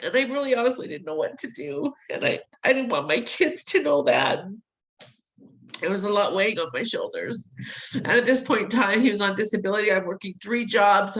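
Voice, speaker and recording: Middle-aged woman, interview guest, emotional storytelling, animated, laughs between lines. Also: fairly high pitch, rough recording.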